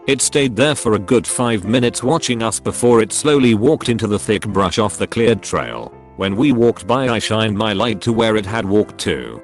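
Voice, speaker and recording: Guy narrating reddit stories, lowish voice, steady read, faint music underneath. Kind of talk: scripted narration.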